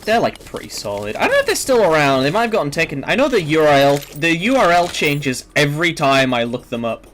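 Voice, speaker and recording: A man's voice: a little high, very animated, quick pace, hardly any pauses, a bit bright. Young guy streamer rambling along, tons of "like"s, cusses a lot, faint hiss behind him. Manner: rambling, filler-heavy, swears casually. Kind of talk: casual gaming stream chat.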